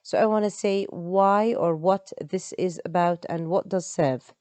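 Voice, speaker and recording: A woman's voice: fairly low pitch, a little slow, mellow, no echo. A woman, an English teacher explaining step by step in an online lesson. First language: Arabic.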